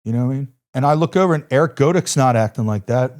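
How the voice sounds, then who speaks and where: Speaking fast in a mid-range, darkish voice, a middle-aged ex-Army Ranger shares a war story in a podcast interview. His delivery is intense and emphatic, with repeated phrases and free, blunt swearing.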